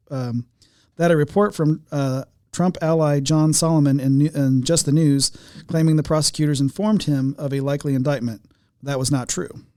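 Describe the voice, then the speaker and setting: Halting American podcast host, dry sound. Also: male voice, fairly high pitch, mellow, smooth, no room sound. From United States. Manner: halting, many fillers and restarts. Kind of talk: casual political talk, reading articles.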